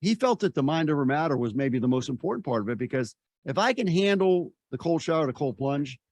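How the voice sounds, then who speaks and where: A man's voice: a little high, expressive, quick pace, a little mellow. An older man, a personal development mentor, talking in a casual interview. He is emphatic, repeats himself and acts out voices as he tells stories.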